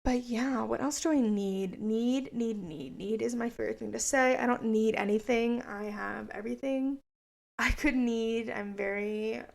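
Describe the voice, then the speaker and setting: A woman's voice: a little high, a little slow, creaky, darkish tone. A young woman in her twenties hosting a casual solo podcast, chatty, rambling and profane. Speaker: podcast host.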